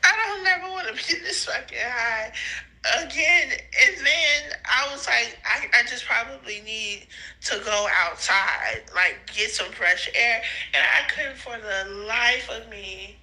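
Giggly high young woman on a phone memo. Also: expressive, a little slow, sharp tone, poor audio. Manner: giggly, profane, slangy and disoriented, with sudden high laughing squeals. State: high and tearful. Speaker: podcaster sending voice notes. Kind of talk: rambling voice-note monologue.

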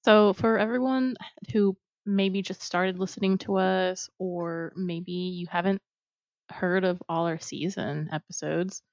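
A woman's voice: on the low side, steady tone, a little slow, no room sound. A woman co-hosting a podcast in casual chat, hesitant with many fillers. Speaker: podcast co-host. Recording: dull, muffled audio.

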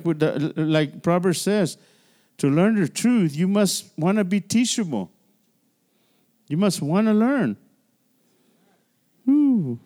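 A man's mellow voice, sitting high, carries a midweek sermon through a church sanctuary. The pastor keeps things conversational, frequently starting over and trading call-and-response with listeners.

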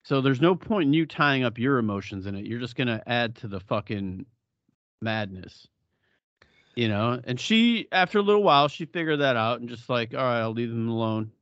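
A man's voice: medium pitch, animated, moderate pace, a bit bright, no echo, dull audio. Blunt, profane middle-aged man. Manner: blunt, profane, laughs often. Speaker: podcast co-host. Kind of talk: casual chat.

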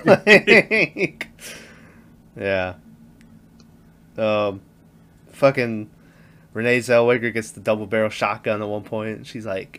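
A man's voice: medium pitch, sing-song, unhurried, a bit bright. A man in casual movie chat who laughs often, acts out lines from the film and swears freely. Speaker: podcast co-host.

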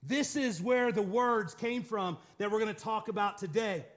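A man preaching a dramatic sermon to a congregation, rising and falling between intense and quiet, low passages. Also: moderate pace. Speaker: pastor.

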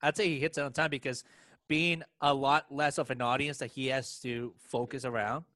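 A man's voice: mid-range voice, little pitch movement, normal speed, fairly bright tone, no room sound. A man co-hosting a sports podcast, arguing his point in long run-on sentences. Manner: argumentative, long run-on reasoning. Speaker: podcast co-host. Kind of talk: casual sports chat.

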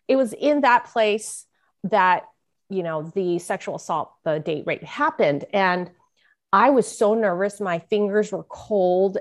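Speaking with a medium-pitched voice, a middle-aged author guest on a podcast earnestly shares a personal story. She performs the voices of the people she quotes.

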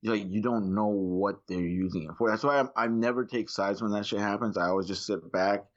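A man chatting casually on a podcast, telling stories in a rambling way and often clearing his throat. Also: fairly low pitch, a little fast. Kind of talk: casual chat. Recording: dull lo-fi sound.

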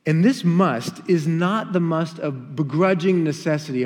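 A man's voice: fairly high pitch, expressive, moderate pace, hardly any pauses, long reverb tail. A male pastor preaching a sermon, emphatic and full of rhetorical questions, sometimes acting out what people would say.

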